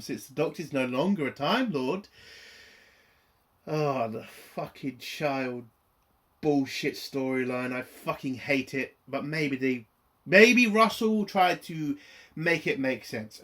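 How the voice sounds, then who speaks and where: A man's voice: fairly high pitch, a bit bright. A man ranting in a profane, exasperated and rambling way while reviewing a TV episode.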